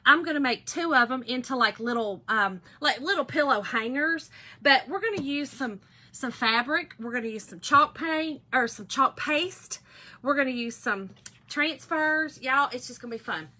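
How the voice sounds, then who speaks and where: A chatty, bubbly middle-aged woman with a Southern US drawl, hosting a live crafting stream and greeting viewers one by one. Her voice sits a little high and rings bright and forceful. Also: lively intonation, moderate pace. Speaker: craft livestream host. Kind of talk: casual live chat while crafting.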